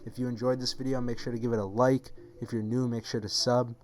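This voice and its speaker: A man's voice: mid-range voice, flat delivery, fast, faint music behind. A young man telling a story for his video channel in a casual, rambling, profane way, full of "like" and "um". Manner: rambling, profane, filler-heavy retelling. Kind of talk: casual story-time monologue.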